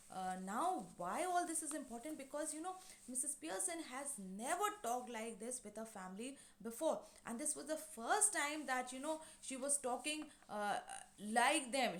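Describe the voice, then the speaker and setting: A woman teacher explains a play to her class slowly, restating things with many fillers. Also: a little high, roomy sound. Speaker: English teacher.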